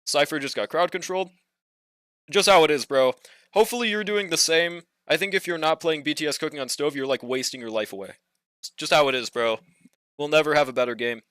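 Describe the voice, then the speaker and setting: A man's voice: on the high side, a little fast, bright, forceful tone, smooth, no echo, studio quality. A young man streaming a game, chatting casually with viewers, slangy and laid-back, swearing and laughing often. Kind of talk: casual livestream chat while gaming.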